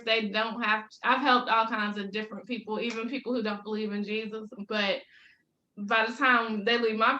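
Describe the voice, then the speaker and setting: A fairly high-pitched woman in her thirties with a sharp tone, heard over a video call with a slight hiss or hum and roomy echo. She's a business coach appearing as a podcast guest in a casual interview, upbeat and laughing often as she shares faith-filled stories.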